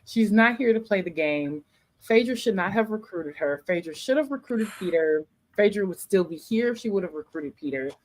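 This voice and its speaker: A woman's voice: mid-range voice, expressive, normal speed, darkish tone. A woman co-hosting a podcast in casual chat, making her points emphatically and with strong opinions. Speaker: podcast co-host.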